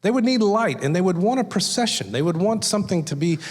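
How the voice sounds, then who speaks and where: A man's voice: high-pitched, very animated, fast, slightly rough. A man preaching a conversational sermon as a guest speaker, telling folksy stories and acting out little voices in his anecdotes. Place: church sanctuary. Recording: long hall reverb.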